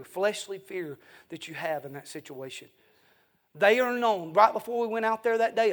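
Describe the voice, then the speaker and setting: A man preaching an evening revival sermon as an evangelist in a church, fervent and emphatic, with folksy asides. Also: sits high.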